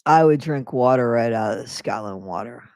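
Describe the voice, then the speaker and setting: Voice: medium pitch, expressive, normal speed, a little mellow, dry recording. A live-stream host chatting casually on a new microphone at home, rambling between topics and reading viewer comments aloud. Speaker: livestream host.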